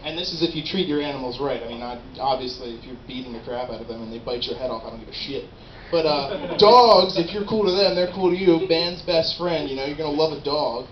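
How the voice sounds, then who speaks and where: A young man with a fairly high voice does a rambling, animated stand-up routine, swearing freely. The recording is roomy and dull, with steady noise behind him. It sounds like a small live comedy venue. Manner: rambling, animated, profane storytelling.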